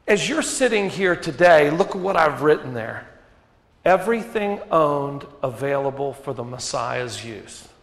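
A man preaching a sermon as pastor, asking rhetorical questions and dropping to quiet emphasis. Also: on the high side, animated, a little slow. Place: church sanctuary. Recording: echoey hall reverb.

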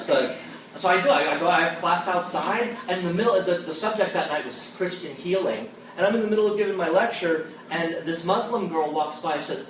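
A man giving an animated storytelling talk as a theology lecturer, often dropping low and soft when he acts out the people he quotes. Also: moderate pace, very echoey. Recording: distant mic, noisy live room.

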